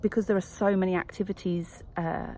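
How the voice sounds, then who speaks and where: A woman's voice: medium pitch, fairly even intonation, brisk, mellow, slight background noise. A woman coach chatting casually to camera at a retreat, reflective and full of fillers. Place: wellness retreat.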